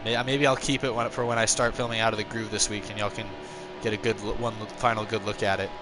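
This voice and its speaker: Speaking quickly over background noise, a man plays a racing game on a live stream and banters with viewers. His tone is self-mocking and chatty, breaking into high-pitched yelps of excitement during races.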